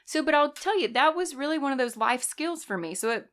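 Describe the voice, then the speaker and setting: A woman's voice: high voice, expressive, a little fast, fairly bright tone. Young lady, nurse, chatty storyteller, laughs a lot. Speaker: guest, nurse. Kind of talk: casual storytelling chat.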